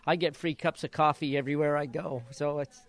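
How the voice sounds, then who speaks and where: An older man from Idaho, a retired jockey whose sons are jockeys too, speaks fairly quickly in a fairly high voice. In a casual interview he tells animated stories, acting out quotes and laughing.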